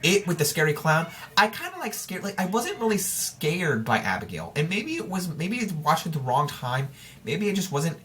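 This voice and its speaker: A man's voice: on the high side, a bit bright, a little hiss or hum. Rambling man hosting a casual podcast. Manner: rambling, with frequent restarts and self-corrections; informal and chatty, addressing listeners directly. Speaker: podcast host. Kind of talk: casual solo podcast chat.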